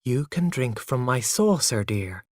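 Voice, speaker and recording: A man reading the part of a gentle, patient young mother in a soft, soothing way. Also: mid-range voice, big pitch swings, unhurried, no echo, clean studio sound.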